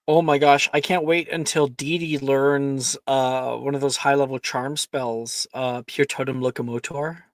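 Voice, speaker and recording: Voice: mid-range voice, steady tone, unhurried, few pauses, no echo. Chatty game master explaining rules. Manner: chatty, explains spell rules, laughs often. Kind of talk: running a tabletop game over a stream.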